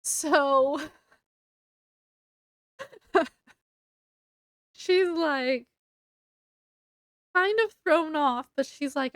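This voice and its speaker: A young woman with a high voice talks through a novel's plot in a relaxed, unhurried way. She is chatty and laughs often, with plenty of fillers. Her voice sounds close and dry. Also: no room sound. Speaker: book reviewer. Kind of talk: casual book review retelling the plot.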